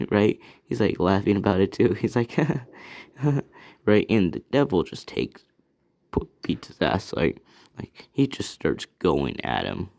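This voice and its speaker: A man's voice: deep voice, very animated, measured pace, gravelly, a little mellow. A man improvising a fan story in a casual, rambling way, thinking aloud and correcting himself as he goes.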